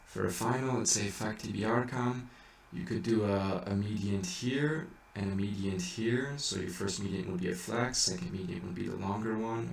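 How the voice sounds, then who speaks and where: Low gravelly man teaching chant. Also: moderate pace, hardly any pauses, slight background noise. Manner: patient, explains in small steps. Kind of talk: casual step-by-step teaching. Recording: echoey room, distant mic, faint ambience.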